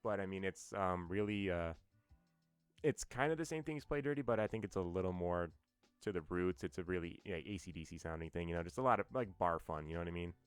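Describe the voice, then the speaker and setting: Deep-voiced rambling bassist. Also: male voice, fast talker, clear, resonant tone, no echo, soft background music. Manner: rambling storyteller, many fillers. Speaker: band bassist guest. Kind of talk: casual podcast interview. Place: New York.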